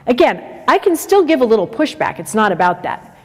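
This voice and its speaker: A woman's voice: a little high, fairly quick, breathy edge. A woman presenting at a teacher training day, speaking conversationally and acting out examples. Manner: lively, conversational, acts out examples. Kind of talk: lecture to teachers. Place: large lecture hall with a livestream. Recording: long reverb of a lecture hall.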